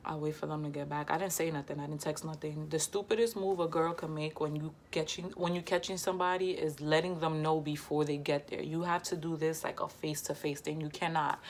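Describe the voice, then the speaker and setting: Low-voiced young woman, heated storytime. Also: a little fast, few pauses, a little hiss or hum. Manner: slangy, heated, lively retelling. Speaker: vlogger. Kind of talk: casual storytime.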